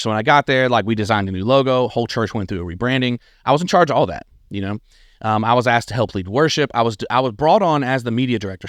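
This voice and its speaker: A man, telling his own life story on a podcast in an earnest, animated way. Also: mid-range voice, no echo, clean studio sound. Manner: earnest, animated, acts out quoted people. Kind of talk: casual personal storytelling.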